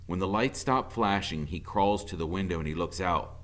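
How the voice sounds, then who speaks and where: A man's voice: low-pitched, normal speed. A male teacher reading a novel aloud in a plain storytelling voice.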